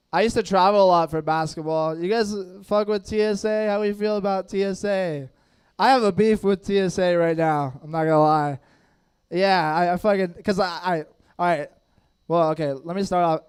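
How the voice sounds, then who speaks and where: A man's voice: high voice, fairly even intonation, normal speed, smooth. A young man from the United States with a lisp, doing a stand-up set with crowd work. He is loose and self-mocking and laughs at his own jokes. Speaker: stand-up comedian. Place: comedy stage in a room with a dining audience.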